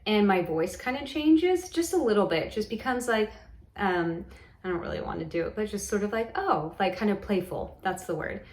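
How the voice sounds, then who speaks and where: A vlogger tells the camera about a hypnosis session in a casual, rambling personal story full of "like," "um," and frequent restarts. Her medium-pitched voice is animated, moderately paced, a little mellow, and reverberant.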